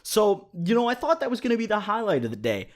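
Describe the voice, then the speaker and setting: A man's voice: high-pitched, sing-song, quick pace. A young man recounting his own story on his vlog in a casual, joking manner, swearing freely. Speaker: YouTuber.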